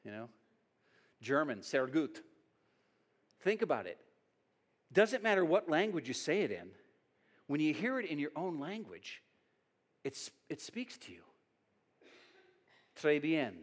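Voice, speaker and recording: High-voiced man preaching a sermon. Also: measured pace, pauses often. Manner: animated preaching with repeated restarts. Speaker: pastor.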